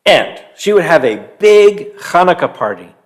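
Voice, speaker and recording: A man telling a story to young children, animated and stopping to quiz them and have them join in. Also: fairly high pitch, a little slow. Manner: animated, quizzes young listeners.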